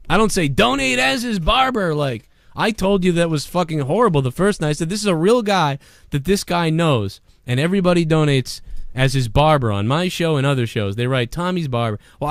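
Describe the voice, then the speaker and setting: A man hosting a live-streamed talk show, ranting profanely and swinging between a low grumble and loud shouting. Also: no echo, studio quality. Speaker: podcast host.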